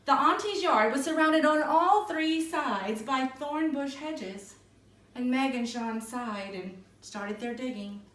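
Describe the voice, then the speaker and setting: A woman teacher reading a picture book aloud in an expressive, lilting storytelling voice. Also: high voice, slow. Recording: echoey room, mic far off.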